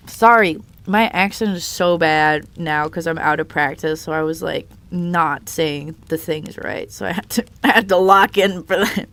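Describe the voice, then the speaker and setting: A woman's voice: lowish voice, measured pace, hardly any pauses, fairly bright tone. A young adult woman on a live stream, chatting casually to her viewers and talking in loose, rambling sentences full of fillers and restarts. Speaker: live streamer reading chat.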